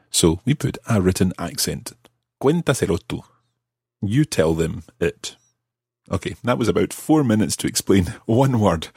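A man, patiently explaining grammar with slow, worked examples on a language-learning podcast. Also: sits low, a little mellow, breathy edge, no room sound, studio quality. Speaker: language teacher.

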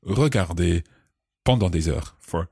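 A man co-hosting a French lesson podcast, explaining phrases slowly and patiently, often chuckling. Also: low-pitched, lively intonation, creaky, darkish tone, slightly rough, dry recording, clean studio sound. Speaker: co-host of a French learning podcast. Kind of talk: relaxed teaching chat.

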